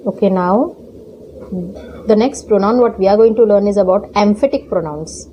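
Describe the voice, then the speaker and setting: A woman's voice: medium pitch, moderate pace, warm tone, slight background noise, poor audio. A woman teacher explaining grammar in a recorded lesson, repeating points and often checking in with "okay?". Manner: repetitive, checks understanding with "okay?".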